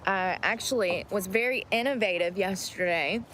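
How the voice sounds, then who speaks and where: A woman who live streams, chatting casually in a soft, meandering way with many fillers. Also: medium pitch, normal speed, slight background noise. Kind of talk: casual chat.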